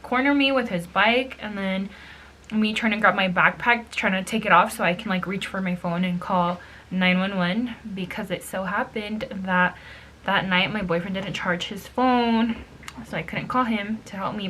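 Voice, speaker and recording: A woman's voice: medium pitch, sharp tone, slight background noise. A young woman telling a story in a casual, chatty way while doing her makeup, swearing freely and slipping in Spanish phrases. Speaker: beauty vlogger.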